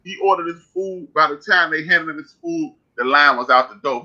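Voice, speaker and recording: A man's voice: on the high side, fairly quick. A man from Chicago, co-hosting a podcast, telling stories in casual chat and calling out to the chat room. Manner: animated storyteller, calls out to the chat. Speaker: podcast co-host. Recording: muffled lo-fi audio.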